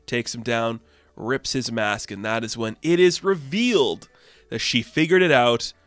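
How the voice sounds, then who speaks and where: A man casually recapping a comic issue in a rambling, excitable way, filling his talk with "like". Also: mid-range voice, unhurried, no room sound, faint music behind. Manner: rambling, heavy use of "like", excitable. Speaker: comic book reviewer.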